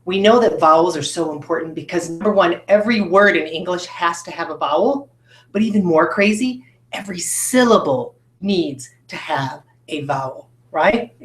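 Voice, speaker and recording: A woman teacher leads a phonics lesson at a whiteboard, asking students questions in an encouraging, patient way. Her voice sits a little low. The recording carries the echo of a roomy classroom. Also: normal speed.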